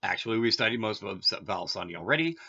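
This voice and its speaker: Man, lowish forceful voice, reads a lesson aloud with offhand asides; muffled lo-fi recording. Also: expressive, racing, breathy edge. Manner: reads text then adds offhand asides. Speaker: language teacher. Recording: dull lo-fi audio.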